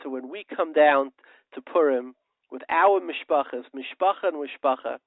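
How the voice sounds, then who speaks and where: A man with a high-pitched voice delivers a passionate, sermon-like monologue as a radio host. He keeps asking rhetorical questions and slips into parables. The sound is thin and tinny, like a phone line, and very dry. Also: moderate pace, no room sound.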